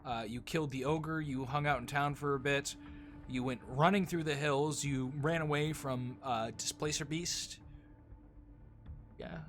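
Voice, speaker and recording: A man running a tabletop game as dungeon master, talking casually and haltingly with frequent ums. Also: fairly high pitch, steady tone, a bit bright. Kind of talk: tabletop game session chat.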